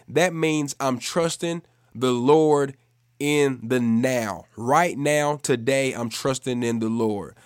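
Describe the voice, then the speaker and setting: A man preaching a devotional sermon for a podcast, emphatic and repeating key phrases for stress, speeding up and slowing down to drive points home. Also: medium pitch, clear, resonant tone, dry recording, studio quality.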